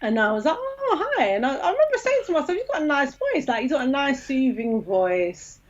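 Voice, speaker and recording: A woman's voice: high-pitched, fairly quick, muffled recording. A woman, a podcast guest telling a story in casual chat and acting out the quoted dialogue. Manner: lively, acts out quoted dialogue.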